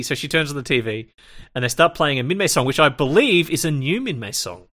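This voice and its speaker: A man's voice: medium pitch, fast. A man co-hosting a casual podcast, recapping an anime and acting out the characters' lines. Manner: animated, acts out lines. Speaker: podcast co-host.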